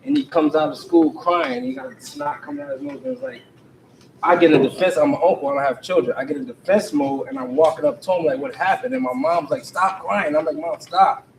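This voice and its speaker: A man's voice: high-pitched, lively intonation, fast, creaky. A man earnestly telling a rambling personal story at a community meeting, acting out bits of dialogue. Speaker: community member sharing at a forum. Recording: echoey room, far from mic, faint noise.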